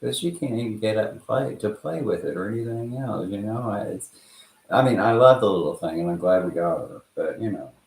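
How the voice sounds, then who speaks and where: A man's voice: fairly low pitch, expressive, fairly quick, creaky, a little mellow. A man with a West Texas accent telling stories in a casual, rambling way, swearing freely and chuckling as he goes. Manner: profane, chuckling storyteller. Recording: roomy echo.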